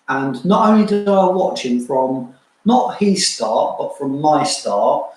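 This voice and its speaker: Chatty man in a very echoey room. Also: medium pitch. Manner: chatty, jokey, thanks viewers warmly by name. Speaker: co-host of a fragrance channel livestream. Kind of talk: casual livestream chat. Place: room at home.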